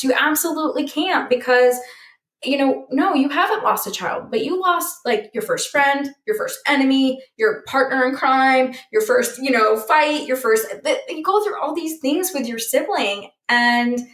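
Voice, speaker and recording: A woman's voice: sits high, a little slow, fairly bright tone. A young woman hosting a podcast, heartfelt and chatty, filling her speech with "like". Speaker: podcast host. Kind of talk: casual conversational podcast. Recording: echoey room.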